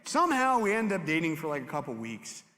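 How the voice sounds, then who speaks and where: Young youth pastor guy preaching to kids, kinda high voice, big echoey hall, gets really animated. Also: quick pace. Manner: animated, jumps into high voices acting out classmates. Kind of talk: youth sermon with storytelling. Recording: hall reverb.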